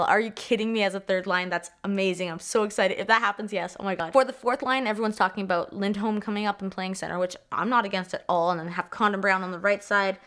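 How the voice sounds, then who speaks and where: In a mid-range voice, a young Canadian woman talks sports in an excited, laid-back vlog style. She swears a lot, circles back over her own words, and leaves sentences hanging.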